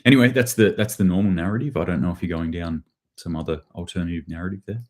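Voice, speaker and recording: A man's voice: low-pitched, fast talker, a little mellow. A man hosting a rambling, sardonic live news commentary, often restarting his phrases as he reads chat. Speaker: host.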